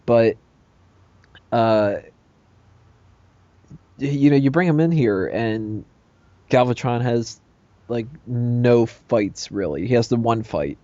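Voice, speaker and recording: A man, chatting casually as a podcast co-host reviewing a movie, animated and jokey. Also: mid-range voice, slow, long pauses, no room sound, highs cut off. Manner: animated, jokey, quotes lines in put-on voices.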